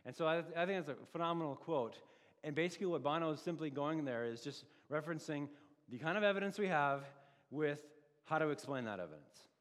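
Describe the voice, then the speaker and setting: A man preaching a sermon as pastor, conversational and animated, full of rhetorical questions. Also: a little high, fairly quick, long reverb tail.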